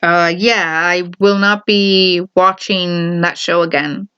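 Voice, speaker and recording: Smooth-voiced woman giving emphatic opinions. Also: fairly low pitch, fairly even intonation, slow, pushed and bright, muffled recording. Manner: emphatic, repeats her points, talks straight to the viewer. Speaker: vlogger. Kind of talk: casual opinion vlog.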